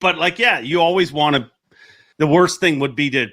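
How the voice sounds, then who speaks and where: Man, casual fishing chat, rambling storyteller, fairly high, bright tense voice. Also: normal speed. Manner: rambling storyteller, laughs at his own stories. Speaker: professional angler telling stories.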